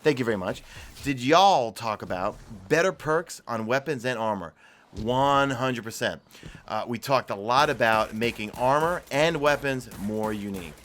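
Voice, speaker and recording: A man's voice: mid-range voice, expressive, normal speed, fairly bright tone, a little hiss or hum. A man with a New York accent streaming a video game live, chatting casually and answering viewer questions while he plays. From New York City. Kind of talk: live gameplay commentary.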